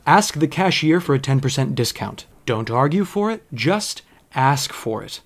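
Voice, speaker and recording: A man telling a comic story in a monologue, with an animated, self-mocking, frank delivery. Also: a little high.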